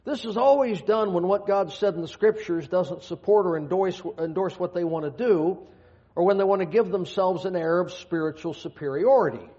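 A man's voice: sits high, moderate pace, mellow. A man preaching a sermon, reading scripture aloud and dropping folksy, joking asides. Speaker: pastor. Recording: dull lo-fi sound.

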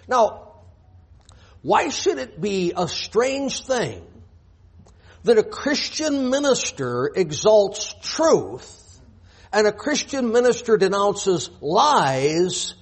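Male preacher, higher register, husky voice, emphatic sermon delivery full of rhetorical questions and scripture readings. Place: church.

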